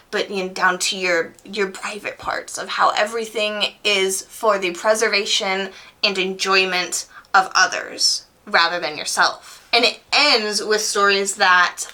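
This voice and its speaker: A woman's voice: medium pitch, fairly even intonation, unhurried, sharp tone. A young woman casually reviewing books on her vlog, candid and enthusiastic, swearing freely and padding her talk with "you know" and "like". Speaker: book reviewer.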